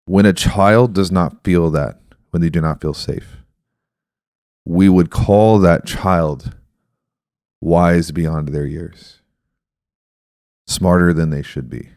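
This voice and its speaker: Podcast host, male, thirties, deep-pitched, reflective explainer, dry close sound. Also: takes it slowly, long pauses, a little mellow, dry recording. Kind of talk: casual podcast conversation.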